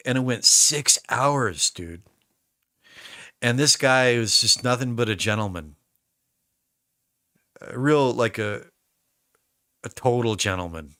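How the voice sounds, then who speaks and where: A man's voice: mid-range voice, slow pace, long pauses, bright, forceful tone, dry recording, studio quality. An American man chatting casually on a live stream, rambling through stories with lots of restarts. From United States. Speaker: musician streaming a recording session.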